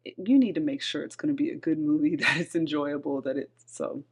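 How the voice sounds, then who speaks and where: A podcast co-host with a low, husky voice talks a little fast, laughing often and making blunt, salty remarks. She also reads forum posts aloud during the casual chat.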